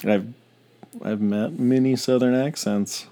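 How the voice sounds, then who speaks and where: A man co-hosting a casual home podcast, cracking dry deadpan jokes. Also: mid-range voice, slow pace. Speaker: podcast co-host. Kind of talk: casual chat.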